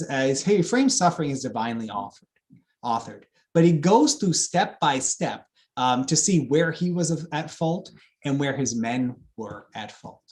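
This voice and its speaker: A man, a classics scholar, explaining ideas in a thoughtful lecture talk, often pausing with ums and restarting sentences. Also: on the high side, a little mellow.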